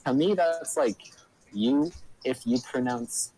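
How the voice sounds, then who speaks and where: A man's voice: medium pitch, takes it slowly, warm tone, a little hiss or hum, poor audio. Young man telling rambling stories. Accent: Spanish-tinged English. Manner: rambling, heavy use of "like" and fillers. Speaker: podcast co-host. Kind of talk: casual chat storytelling.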